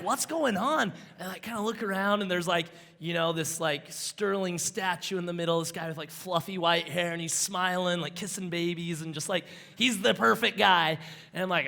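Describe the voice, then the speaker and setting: A man giving an energetic conference talk, telling an enthusiastic, rambling story that keeps drifting off on side tracks. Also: high voice, gravelly. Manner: rambling, easily sidetracked, enthusiastic. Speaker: conference speaker.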